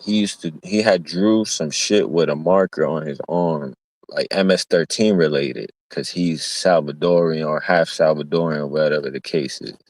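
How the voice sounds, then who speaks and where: A man's voice: a bass voice, normal speed, a little mellow, no echo. A young man streaming, telling a profane, rambling story in casual street talk and acting out the voices of the people in it. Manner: acts out quoted voices. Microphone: streaming mic.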